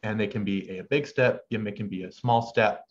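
A man's voice: fairly low pitch, fairly quick. A young man, a medical student guest, speaking thoughtfully with a stutter and repeated sounds. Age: young adult. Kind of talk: conversational interview. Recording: muffled lo-fi call with faint noise.

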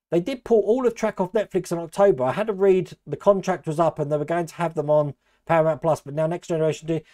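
An older man with a slightly high voice and an accent that blends Australian with Essex English. He rambles in a friendly, chatty way, hosting a live stream and reading out viewers' comments. His talk is loose and unscripted, full of asides. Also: dark tone. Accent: mixed Australian and Essex English. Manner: rambling, chatty, answers chat by name.

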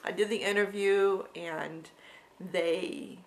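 A middle-aged woman telling an emotional personal story in a vlog, halting and sometimes dropping to a soft whisper. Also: lowish voice, steady tone. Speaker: vlogger.

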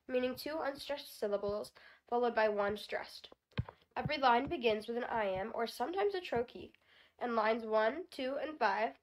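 A woman's voice: a little high, poor audio. A teenage girl reading a nonfiction book aloud as a homemade audiobook, with small slips she corrects as she goes. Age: teens.

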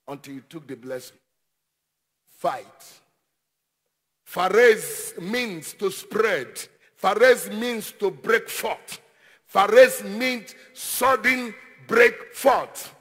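A man preaching a sermon as pastor, with call-and-response and repeated phrases that rise into shouted declarations. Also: sits high, long reverb tail.

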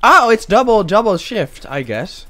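A young man hosting a gaming video, talking casually through his gameplay and breaking into loud, excited outbursts. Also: high-pitched, unhurried. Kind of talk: gameplay commentary. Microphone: desk microphone.

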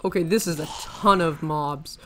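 Excitable man narrating his gameplay. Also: a little high, a little slow, faint music behind. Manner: excitable, rambling, frequent panicked exclamations. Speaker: gaming channel host. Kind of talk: let's-play commentary.

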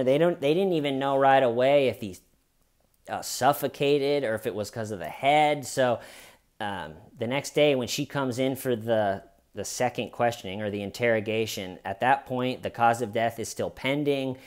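Chatty man recapping a true crime case. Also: medium pitch. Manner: chatty, with frequent restarts and asides.

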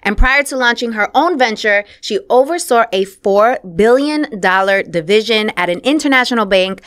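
A woman's voice: on the high side, expressive, moderate pace, a bit bright. A woman hosting a podcast in a playful, slangy way, mixing in Spanish words as she introduces and chats with her guest. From Puerto Rican heritage. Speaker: podcast host. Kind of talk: casual podcast conversation.

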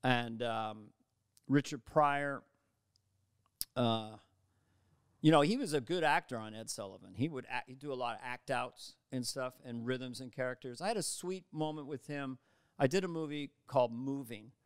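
A man telling stories as a guest comedian in casual conversation, animated and slipping into voices, on a studio mic. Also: mid-range voice, moderate pace, smooth, dry recording. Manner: animated, slips into voices and quotes mid-story. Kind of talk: casual interview storytelling. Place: podcast studio.

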